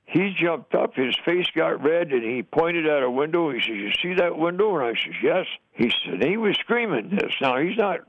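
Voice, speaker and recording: Older man, American, folksy storyteller, chuckling, higher-pitched voice, dull dry recording. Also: big pitch swings, moderate pace, few pauses, a little hiss or hum. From United States. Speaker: veteran interviewee. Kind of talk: oral history storytelling.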